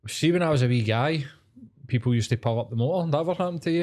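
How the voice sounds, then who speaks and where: A man's voice: mid-range voice, animated, rapid-fire, a little mellow. A Glaswegian man co-hosting a podcast, telling stories in a loose, sweary way. He acts out the people he meets and keeps the chat casual. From Scotland. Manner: sweary, storytelling, acts out quoted voices. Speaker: podcast co-host.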